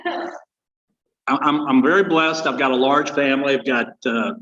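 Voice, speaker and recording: A man's voice: medium pitch, normal speed, fairly bright tone. Older man, folksy joke-telling, rambling fillers, echoey hall, muffled sound. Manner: rambling, many fillers and restarts. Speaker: guest speaker.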